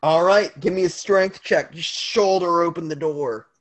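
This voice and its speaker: A man's voice: fairly high pitch, a little slow. A man narrating as game master of a tabletop game, loose and full of fillers.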